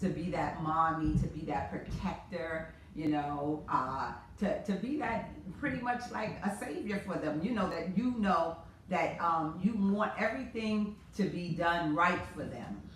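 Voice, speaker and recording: Low-voiced middle-aged woman, echoey room. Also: measured pace, a little hiss or hum. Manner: earnest, reflective. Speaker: guest. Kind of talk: casual chat. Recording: echoey room, mic far off.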